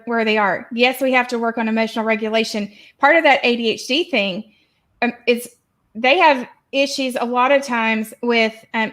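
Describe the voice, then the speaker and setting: Measured woman giving parenting advice. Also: a little high, fairly bright tone. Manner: measured advice with frequent pauses and fillers. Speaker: parenting podcast host. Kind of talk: casual podcast chat.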